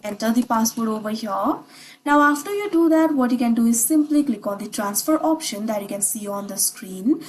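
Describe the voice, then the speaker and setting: A woman's voice: a little high, animated, normal speed, a little mellow, slight background noise, rough recording. A woman narrating a scripted screen tutorial, giving step-by-step instructions in repetitive phrasing.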